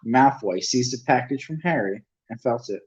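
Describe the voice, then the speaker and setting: A man's voice: medium pitch, expressive, moderate pace, a little mellow, lo-fi sound. A man reading a novel aloud as an amateur narrator, often stumbling and correcting himself. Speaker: amateur audiobook reader.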